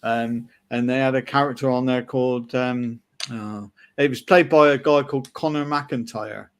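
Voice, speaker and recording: A man's voice: mid-range voice, fairly even intonation, moderate pace, smooth. A man from England telling rambling anecdotes in a casual podcast chat over a video call. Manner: rambling anecdotal storytelling with many fillers. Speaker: podcast host.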